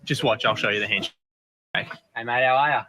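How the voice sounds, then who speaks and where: A man's voice: medium pitch, fairly quick, noisy background, lightly acted. A man doing a cheery Australian bloke. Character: cheery Aussie bloke greeting a visiting mate.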